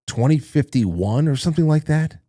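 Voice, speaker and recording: A man's voice: a little high, expressive, normal speed, mellow, dry recording, studio quality. A man hosting a casual livestream, reading viewer messages aloud and rambling through his thoughts with fillers and restarts. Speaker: talk show host reading chat messages.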